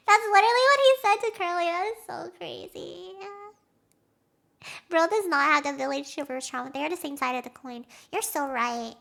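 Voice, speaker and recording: High bright excitable young woman streamer. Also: normal speed, gravelly. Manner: excitable rambling, acts out quotes, laughs often. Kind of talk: casual chat with stream viewers.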